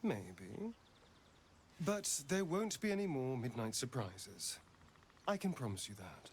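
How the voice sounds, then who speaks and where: A silky, teasing vampire elf from a fantasy game, with a lilting, wide-ranging delivery. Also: male voice, mid-range voice, sing-song, takes it slowly, slight background noise.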